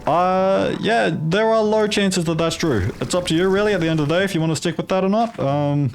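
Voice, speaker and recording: A man's voice: high-pitched, a little fast, creaky, faint music behind. Rambling man in a put-on Australian accent. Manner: rambling, profane, jokey asides. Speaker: gaming video host. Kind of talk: casual gameplay commentary.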